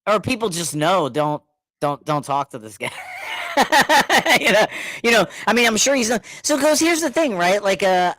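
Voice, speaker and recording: A middle-aged man telling a story in casual chat, animated, laughing often and acting out what others said. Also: sits high, moderate pace, no echo. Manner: animated, laughing, repeats words, acts out quotes.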